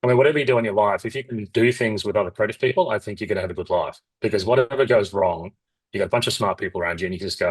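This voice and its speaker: A man's voice: on the low side, husky, rough recording. A middle-aged man, a company founder telling stories in a candid interview, rambling and acting out the voices of people he quotes. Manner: rapid, rambling, animated, acts out quoted dialogue.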